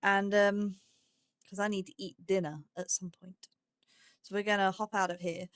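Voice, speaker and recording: A woman's voice: mid-range voice, level tone, normal speed, dry recording, studio quality. A young woman giving chatty live commentary as she plays a game, talking herself through each move. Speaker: game streamer.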